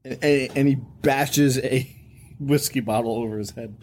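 A man co-hosting a podcast in casual chat, telling movie scenes in an animated way and laughing through his lines. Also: mid-range voice, a little slow, a little hiss or hum. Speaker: podcast co-host.

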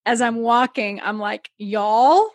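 A woman, hosting a podcast in casual chat, telling lively stories full of acted quotes, swearing and laughter. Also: medium pitch, normal speed, dry recording. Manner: animated storyteller, acts out quotes, swears, laughs often. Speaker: podcast host.

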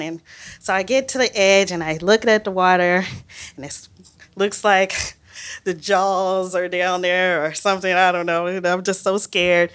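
A woman's voice: medium pitch, clear, resonant tone. Laughing woman telling a live story. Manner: lively, laughing, animated retelling. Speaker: biologist telling a personal story. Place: stage before a live audience.

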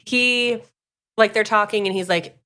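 A young woman co-hosting a podcast, casually recapping a book in a lively storytelling way and acting out the quotes. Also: medium pitch, a little slow, clean tone. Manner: lively storyteller, acts out quotes, many fillers. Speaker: podcast co-host.

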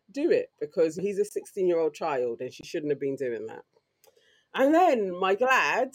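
Animated London woman telling stories. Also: low voice. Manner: animated, slangy storytelling. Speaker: podcast co-host. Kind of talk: casual chat.

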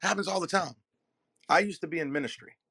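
A man speaking as a keynote speaker and messaging coach, delivering a motivational talk to a live audience in an emphatic, preacher-like cadence with dramatic pauses and repeated phrases. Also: fairly high pitch, bright, forceful tone, breathy edge, no echo.

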